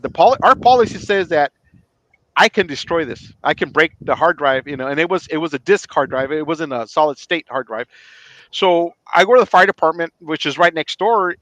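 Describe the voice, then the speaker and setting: In a relaxed podcast conversation, a middle-aged man who once served as police chief spins a story, bringing the quoted dialogue to life in an animated way. His voice runs somewhat high, with no echo.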